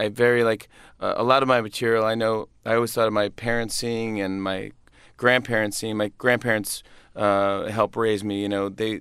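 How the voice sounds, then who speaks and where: A man's voice: fairly low pitch, a bit bright, smooth, no room sound, clean studio sound. A man, a comedian guest, chatting casually in an interview, laughing often and restarting his sentences.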